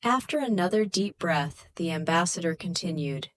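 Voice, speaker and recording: A woman narrating an audiobook in scripted, expressive storytelling. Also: fairly low pitch, normal speed, slight background noise.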